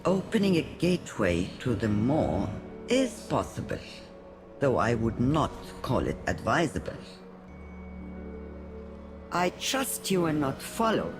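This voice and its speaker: A calm, solemn game character who speaks in a slow, measured way from a distance. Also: medium pitch, over music.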